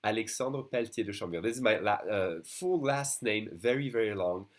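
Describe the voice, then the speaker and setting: A man with a French accent teaching a beginner lesson, saying words slowly and repeating them for learners to copy. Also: on the low side, expressive. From France.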